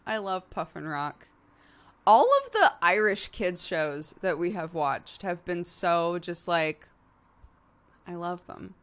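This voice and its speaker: A woman's voice: on the low side, slow, fairly bright tone. A woman streamer in casual livestream chat, rambling playfully and laughing often.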